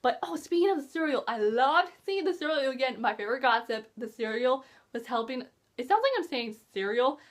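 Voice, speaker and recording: A woman chats through a book review in a casual vlog, gushing and excitable and full of filler words. Her voice sits high and leaps up and down with lively swings of pitch. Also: a little fast.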